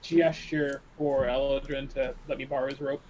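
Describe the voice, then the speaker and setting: A man's voice: medium pitch, level tone, normal speed, lo-fi sound, crowd noise. A man playing a tabletop game, describing his character's actions in a playful way. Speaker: player. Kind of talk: casual tabletop game chat. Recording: noisy mic with clicks.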